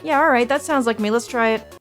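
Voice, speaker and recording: A woman's voice: a little high, brisk, fairly bright tone. A woman livestreamer in casual stream chat, rambling and anxious, poking fun at herself. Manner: rambling, anxious, self-deprecating. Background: faint background music.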